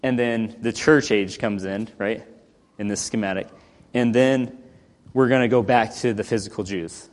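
A man leading a Bible study, reading scripture aloud and then explaining it in casual, conversational talk, often clearing his throat. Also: fairly low pitch, steady tone, moderate pace, in a large hall. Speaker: Bible teacher.

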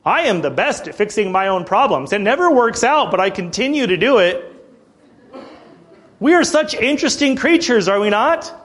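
A man with a high voice preaches a sermon and reads scripture aloud. He keeps asking the congregation rhetorical questions. When he fires them up, his voice climbs and gets louder. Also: big pitch swings, moderate pace. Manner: rhetorical questions, swells louder and higher when stirring the crowd.

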